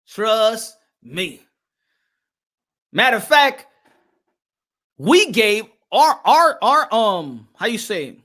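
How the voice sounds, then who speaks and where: A man's voice: sits high, bright, forceful tone. A man hosting a casual livestream podcast, talking animatedly, repeating phrases and calling out to his chat. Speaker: podcast host.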